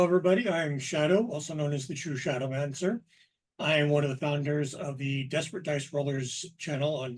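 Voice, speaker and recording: A man's voice: on the high side, distant mic, poor audio. A man giving a friendly, plain introduction as a tabletop player on a stream. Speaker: channel founder and player.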